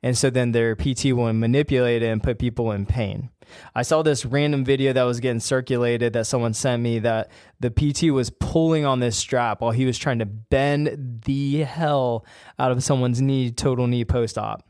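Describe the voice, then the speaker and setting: This podcast host, an ACL rehab coach, talks casually on a solo show in a mid-range, darkish, clear and resonant voice at normal speed with fairly even intonation. His style is emphatic, fired-up and plain-spoken, recorded with clean studio sound and no echo.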